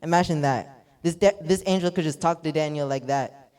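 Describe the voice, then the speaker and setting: A man's voice: fairly high pitch, a little fast, darkish tone, clear, resonant tone. A man preaching a sermon, reading scripture aloud and retelling it with repeated rhetorical asides.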